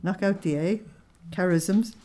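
A woman's voice: lowish voice, moderate pace, darkish tone. Earnest woman leading a spiritual study. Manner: earnest, explains, asks tag questions. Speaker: spiritual study group leader. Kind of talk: religious teaching with read-aloud passages.

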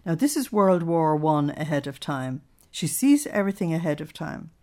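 A woman's voice: deep voice, sing-song, a little mellow. A woman leading a Bible study, reading a devotional text aloud and stopping to explain it earnestly. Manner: earnest, explanatory, pauses to comment between readings.

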